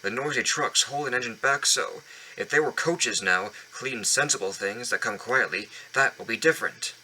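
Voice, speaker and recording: A man's voice: medium pitch, moderate pace, bright, forceful tone, slight background noise, poor audio. A man voicing a big, proud male steam engine who boasts and grumbles in a storybook reading. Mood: grumbling.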